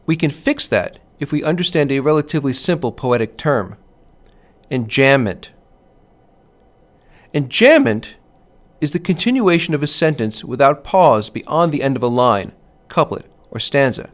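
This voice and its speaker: A man narrating a scripted poetry lesson as a teacher, in a measured way, stressing the rhythm when he reads verse aloud. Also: fairly high pitch, expressive.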